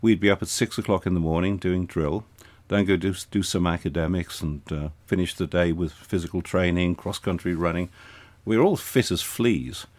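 An older retired air force officer recalls his early years in an interview. His voice is very low and dry in tone, and his telling is anecdotal and gently wry. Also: normal speed, hardly any pauses, no room sound. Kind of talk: reminiscing in conversation.

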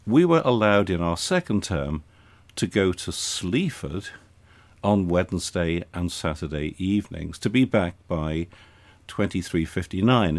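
An older retired air force officer recalls his early years in an interview. His voice is very low and dry in tone, and his telling is anecdotal and gently wry. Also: no echo. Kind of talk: reminiscing in conversation.

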